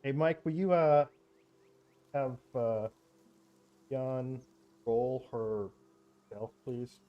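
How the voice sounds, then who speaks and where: A man running a tabletop role-playing game as game master, narrating scenes in a descriptive, measured way. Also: mid-range voice, muffled recording.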